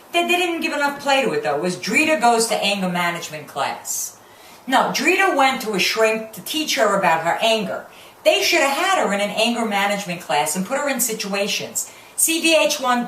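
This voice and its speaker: Loud new lady ranting about a tv show, swings all over in pitch, cursing, roomy echo. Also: recorded from a distance. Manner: brash, profane and sarcastic. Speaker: TV show reviewer. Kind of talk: comedic rant review. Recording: roomy, off-mic, faint background hum.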